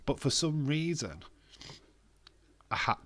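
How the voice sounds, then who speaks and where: A wrestling streamer with a lowish voice talks at normal speed in casual live-stream chat. He rambles, puts himself down, laughs often, and sounds stuffy and bunged-up in the nose.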